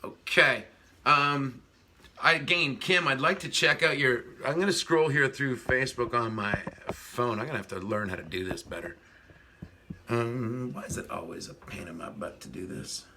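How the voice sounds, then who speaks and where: A man hosts a casual livestream, chatting loosely, greeting viewers and muttering to himself as he works the controls. His voice is strikingly bright and forceful, pitched in a middle range. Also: normal speed, a little hiss or hum. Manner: chatty, rambling, talks to himself while fiddling with the stream. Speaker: livestream host. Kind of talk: casual livestream chat reading viewer comments.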